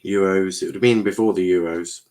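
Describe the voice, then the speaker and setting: Young man, lowish voice, casual live-stream chatter, rambling and repeating himself, swears. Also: steady tone, brisk, a little mellow. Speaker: watchalong streamer host. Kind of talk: casual live-stream chat reading viewer comments.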